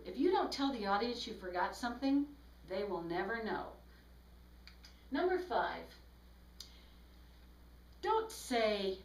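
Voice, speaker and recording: A woman's voice: mid-range voice, sing-song, slow, long pauses, recorded from a distance. A woman speech instructor giving a recorded lecture, explaining tips and demonstrating examples aloud. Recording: echoey room, voice from off-mic.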